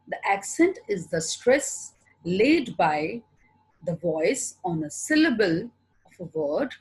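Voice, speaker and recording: A husky, breathy-voiced woman with an Indian English accent delivers an online lecture. She speaks slowly and deliberately, and her pitch rises and falls in a lively way as she poses questions and then answers them herself. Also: poor audio. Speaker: teacher.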